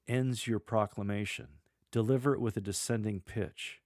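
A middle-aged man teaching church lectors how to proclaim a reading, measured and deliberate, pausing to model the lines. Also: on the low side, a little mellow, no echo, clean studio sound. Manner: measured, demonstrates readings aloud with deliberate pauses. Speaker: lector coach. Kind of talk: instructional podcast on scripture reading.

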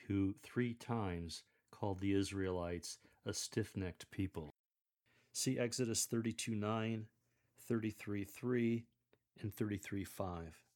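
A man hosting a podcast, calmly explaining how to read scripture aloud and demonstrating the lines. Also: on the low side. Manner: measured and explanatory, demonstrating the readings. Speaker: podcast host coaching scripture readers. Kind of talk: instructional coaching on reading scripture aloud.

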